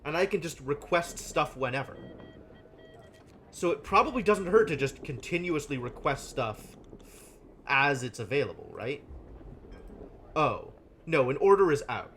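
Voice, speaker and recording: Lively, bright-voiced man streaming a game. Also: a little high, measured pace, pauses often, a little hiss or hum. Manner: thinking aloud, wry and deadpan asides. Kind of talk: live gameplay commentary.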